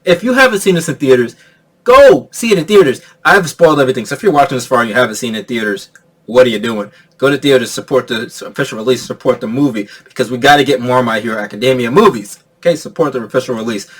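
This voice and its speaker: A man giving a casual, excitable movie review rant, laughing often and swearing freely. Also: medium pitch, fast.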